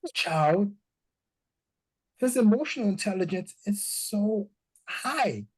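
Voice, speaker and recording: A guest speaker with a high, breathy-edged voice talks slowly in a casual, code-switching conversation. Animated in his storytelling, he acts out lines spoken by parents and children, though the audio is poor.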